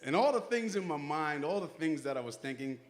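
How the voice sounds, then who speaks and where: A man's voice: fairly high pitch, expressive, brisk, slight background noise. A middle-aged man as master of ceremonies, giving an uplifting speech in a church hall with folksy storytelling that acts out quoted voices.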